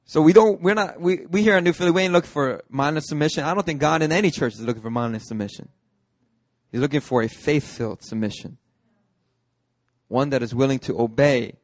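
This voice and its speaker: Man, pastor, sermon, animated storytelling, character voices, fairly high voice, dry close sound. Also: fairly quick, dry recording. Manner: animated, acts out movie characters with put-on voices. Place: church hall, dry sound.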